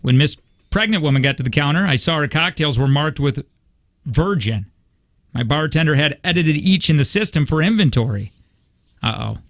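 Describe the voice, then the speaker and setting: A man's voice: a little high, lively intonation, normal speed, a bit bright. A man hosting a radio show, joking around and reading a story aloud with asides.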